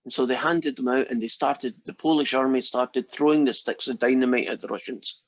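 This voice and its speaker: A man's voice: mid-range voice, a little fast, dull audio. A man, a math lecturer, telling jokes to his class in a chatty, playful way. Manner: chatty, playful, addresses students by name. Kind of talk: casual classroom joke-telling.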